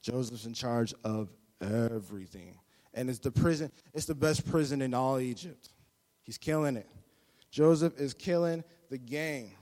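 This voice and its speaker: A man preaching a sermon, a lively and humorous storyteller who repeats his phrases. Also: medium pitch, a little slow. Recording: long hall reverb.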